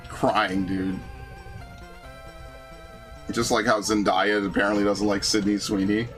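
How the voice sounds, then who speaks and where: A man's voice: fairly low pitch, measured pace, long pauses, soft background music. A young man hosting a gaming channel, chatting casually and ranting with lots of swearing and "bro.". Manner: animated ranting, profane, frequent "bro" and "dude". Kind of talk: casual chat over gameplay.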